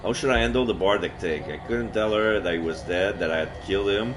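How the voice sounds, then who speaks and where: A man streaming a solo roleplay game, narrating in first person and breaking off with excited, swearing outbursts. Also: sits low, brisk, few pauses, a little hiss or hum.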